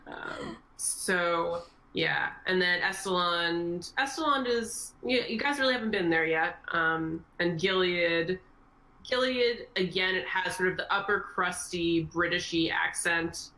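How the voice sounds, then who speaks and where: Bright-voiced woman game master. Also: fairly low pitch, measured pace, vocal fry, poor audio. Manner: explains at length, casual and meandering. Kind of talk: podcast Q&A chat.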